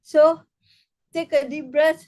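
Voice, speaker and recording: High-voiced woman leading laughter yoga. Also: steady tone. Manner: hesitant, halting with many restarts and fillers; bursts into loud rhythmic ha-ha laughter exercises. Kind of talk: online interactive workshop talk. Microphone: video call.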